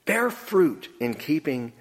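Male pastor, slightly high voice, earnest emphatic sermon, long church reverb. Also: very animated, takes it slowly. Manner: earnest, emphatic preaching that swings between soft and loud.

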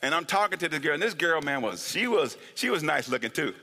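A man's voice: a little high, fast, gravelly, long reverb tail. A man preaching a humorous sermon, laughing often, whooping and calling for amens. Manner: animated, laughing, shouts of woo, asks for amens. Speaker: pastor.

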